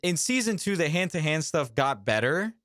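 A man's voice: on the high side, big pitch swings, moderate pace, fairly bright tone, no echo, studio quality. A man co-hosting a podcast, giving blunt opinions and swearing freely in casual chat. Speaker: podcast co-host.

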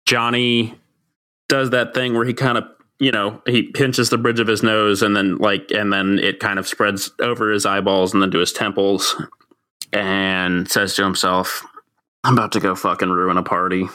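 A man's voice: lowish voice, flat delivery, unhurried, pushed and bright, smooth. A man playing a tabletop role-playing game, talking casually and rambling, often correcting himself mid-sentence. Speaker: player.

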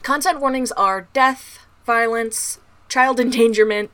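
A woman co-hosting a casual podcast, her voice bright and a little high. She talks candidly, laughs often and swears now and then. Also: measured pace. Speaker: podcast co-host. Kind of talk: casual chat.

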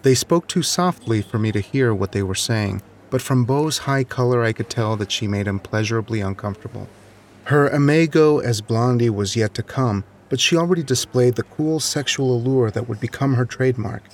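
A man's voice: mid-range voice, normal speed, slight background noise. Man reading a wry short story. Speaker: narrator. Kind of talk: scripted narration of a short story.

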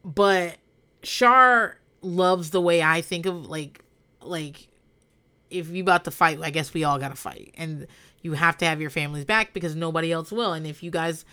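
With a low-pitched voice and a sharp tone, a female podcast host runs a casual recap at a moderate pace. She is blunt and profane and laughs frequently, recorded on a podcast microphone.

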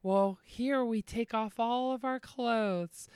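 A podcaster voicing a smooth-talking shopkeeper. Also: medium pitch, slow, darkish tone, dry recording, studio quality, close to an everyday voice. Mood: coaxing. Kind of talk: comedic bit in a podcast.

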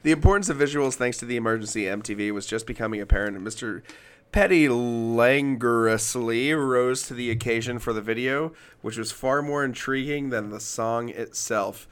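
A man's voice: medium pitch, moderate pace, clean tone. A young man from Alabama, a podcast co-host in casual music chat, who rambles, reads passages aloud and restarts his sentences often.

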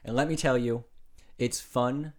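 A man's voice: medium pitch, fairly even intonation, measured pace. A young man co-hosting a podcast in casual chat, incredulous and full of questions. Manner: chatty, incredulous, asks lots of questions. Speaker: podcast co-host.

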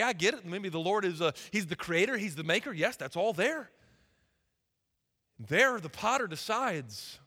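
Man, preacher, sermon, impassioned, folksy, lively pitch, long church reverb. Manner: impassioned, folksy southern turns of phrase. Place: church sanctuary. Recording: reverberant hall.

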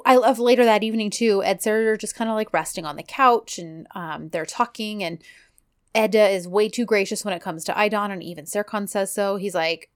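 A woman's voice: medium pitch, fairly quick. A woman co-hosting a casual podcast, recapping a TV series and acting out the characters' lines as she retells scenes. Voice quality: animated, acts out characters' lines while retelling. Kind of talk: casual chat.

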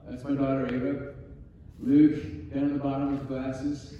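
A man in his forties preaching a sermon, telling family stories in a conversational way, dropping to soft, emotional tones. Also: mid-range voice, flat delivery, unhurried, muffled recording, a little hiss or hum. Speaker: pastor. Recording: echoey hall from far off.

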